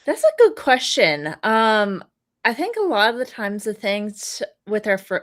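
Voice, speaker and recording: A woman speaking as a guest in a casual podcast conversation, thoughtful, with frequent ums and soft laughs. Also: mid-range voice, very animated, measured pace. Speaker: guest, Reiki practitioner.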